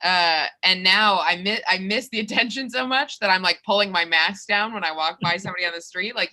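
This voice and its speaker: A young woman from Minnesota, a comedian performing a self-mocking stand-up set over a video call from her bedroom, with quick restarts. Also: medium pitch, pushed and bright. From Minnesota, USA.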